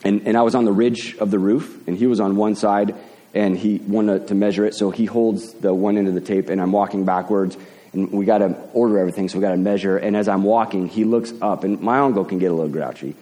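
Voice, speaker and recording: A man preaching a sermon as pastor, talking in a halting way and often repeating words as he builds a point. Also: lowish voice, steady tone, warm tone, long reverb tail.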